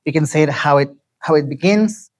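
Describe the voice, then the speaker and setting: Man teaching pronunciation slowly. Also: a little high, rough recording. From Mexico City. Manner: slow, deliberate, repeats words to teach pronunciation. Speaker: lecturer. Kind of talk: lecture.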